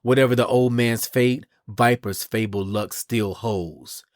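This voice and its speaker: A man's voice: mid-range voice, fairly even intonation, measured pace, a little hiss or hum, natural voice. A man voicing a vengeful male samurai villain who makes boastful, threatening declarations. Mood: menacing.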